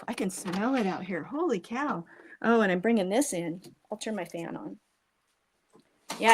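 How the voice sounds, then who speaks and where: A woman's voice: mid-range voice, darkish tone, a little hiss or hum, poor audio. An older woman hosting a crafting livestream, chatting casually and self-deprecatingly as she works on a puppet. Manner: chatty, self-deprecating, narrates her work as she goes. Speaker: puppet maker and livestream host. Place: porch outdoors, then home workshop.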